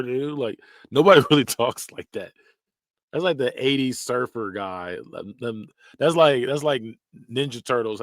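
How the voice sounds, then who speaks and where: Male podcast host, animated and slangy, big swings in pitch, dry close sound. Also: dry recording. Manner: animated, laughs often, repeats phrases in mock voices; slangy, blunt. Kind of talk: casual tier-list commentary.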